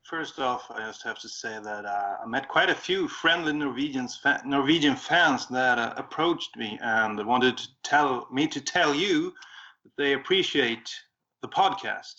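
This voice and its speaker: A man's voice: medium pitch, expressive, unhurried, sharp tone. A man chatting casually as a regular podcast guest, telling a story in an easygoing way with frequent fillers. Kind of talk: casual chat. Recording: dull lo-fi remote audio.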